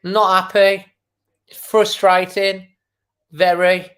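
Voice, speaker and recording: A man's voice: sits high, level tone, very slow, fairly bright tone. A man hosting a live football watchalong, giving frustrated running commentary with exasperated outbursts. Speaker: football fan channel host. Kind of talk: live match watchalong reaction.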